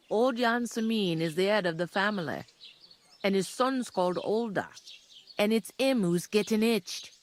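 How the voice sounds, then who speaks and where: Bossy northern English village innkeeper. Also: female voice, a little high, a little hiss or hum. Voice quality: coarse rural dialect. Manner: bossy, scolding. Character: blunt bossy village woman, tavern keeper. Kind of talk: video game voice acting.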